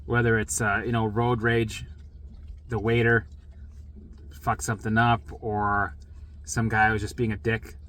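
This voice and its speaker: A man's voice: fairly low pitch, flat delivery, measured pace, long pauses, fairly bright tone, a little hiss or hum. A middle-aged man in a casual vlog monologue, talking bluntly with plenty of swearing and acting out old arguments. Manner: blunt and profane, acts out past arguments. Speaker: vlogger.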